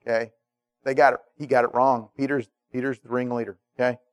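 A man preaching a sermon in a lively, conversational way, often checking in with his listeners. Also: medium pitch, a little fast. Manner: animated, conversational, checks in with "okay?".

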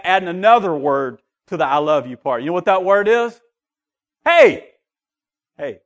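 A middle-aged man preaching a sermon as pastor, moving between loud calls and quiet, low asides. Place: church sanctuary.

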